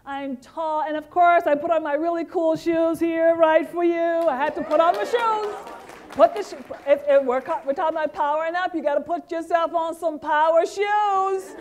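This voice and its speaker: Middle-aged woman with a high voice, from the Caribbean, delivering a lively interactive keynote. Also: a little hiss or hum. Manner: lively, interactive, talks to the audience directly. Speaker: keynote speaker. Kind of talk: motivational keynote speech.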